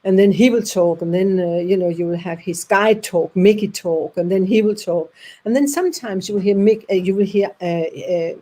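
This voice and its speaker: The recording is rough, and her voice mid-range. She's a Danish woman with a matching accent, speaking at an audience evening, telling lively stories in which she performs the different voices and falters into restarts.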